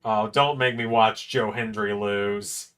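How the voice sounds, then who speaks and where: A man's voice: mid-range voice, big pitch swings, gravelly, fairly bright tone, clean tone. Chatty young man hosting a watch-along. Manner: chatty, knowledgeable, quick asides. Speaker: host. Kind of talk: casual watch-along chat.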